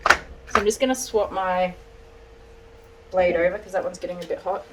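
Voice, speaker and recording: A young woman talks gently and patiently, coaxing a nervous dog and calmly explaining what she is doing. She sits a little back from the mic. Loud buzzing electric clippers run under her voice. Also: fairly low pitch, moderate pace, distant mic, heavy background noise. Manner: soft soothing coaxing, calm step-by-step explaining. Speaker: dog groomer. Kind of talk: narrated grooming video. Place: grooming salon.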